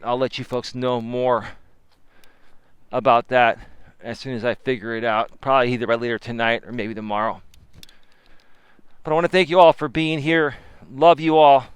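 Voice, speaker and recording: A man's voice: medium pitch, clean tone, no echo. A man hosting a casual live stream as a life coach, talking emphatically to his viewers while walking with his phone. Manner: animated, emphatic, talks to chat viewers. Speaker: life coach and livestream host.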